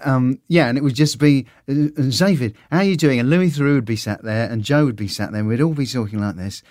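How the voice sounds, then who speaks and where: Guest spot: middle-aged man, lively storyteller, dry close mic. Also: medium pitch, fast talker, dry recording. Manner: animated storytelling, slips into silly voices. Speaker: podcaster guest. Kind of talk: conversational interview.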